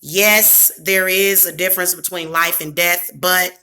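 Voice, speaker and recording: Bright-voiced Southern-accented woman livestreaming. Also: on the low side, steady tone, unhurried. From American Midwest. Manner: rambling, talks to chat viewers. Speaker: livestream host. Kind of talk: casual livestream chat. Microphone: device camera.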